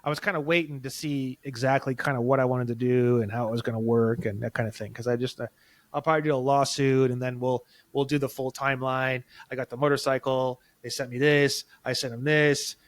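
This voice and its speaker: A man's voice: medium pitch, level tone, brisk, dry recording. Profane, heated man telling a story. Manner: heated, indignant. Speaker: podcast guest. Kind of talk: casual podcast conversation.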